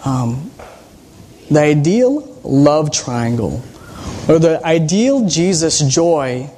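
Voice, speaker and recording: Animated man preaching a sermon. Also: a little high, extremely slow, a little hiss or hum. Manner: teacherly, quizzing the congregation. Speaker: pastor.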